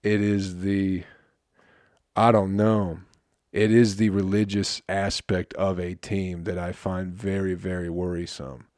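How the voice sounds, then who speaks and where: A male comedian hosting a solo podcast, ranting in an exasperated, profane way with sudden loud outbursts. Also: low-pitched, level tone, slow, no echo, clean studio sound. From Flint, Michigan.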